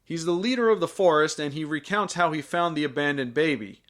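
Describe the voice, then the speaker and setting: A man's voice: on the high side, fairly quick, a bit bright. A man hosting a scripted film review with sarcastic, jokey asides.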